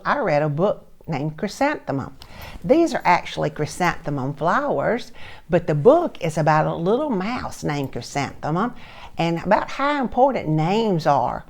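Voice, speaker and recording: Gravelly-voiced older woman reading a storybook. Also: sits low. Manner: gentle, asks listeners soft questions. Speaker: storyteller, retired teacher. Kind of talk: reading a picture book to children.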